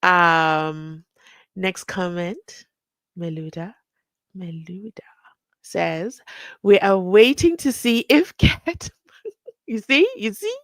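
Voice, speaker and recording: Woman, live-stream host, sarcastic, animated delivery, dry recording. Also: lowish voice, slow, no room sound. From South Africa. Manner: animated, acts out the people she quotes with sarcasm. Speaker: host of a live stream reading viewer comments. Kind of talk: casual live-stream commentary.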